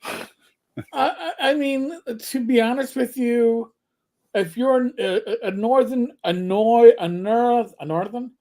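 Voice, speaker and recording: Slow-talking New York man. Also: very high voice, mellow. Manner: rambling, halting, full of restarts. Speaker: podcast co-host. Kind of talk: casual chat.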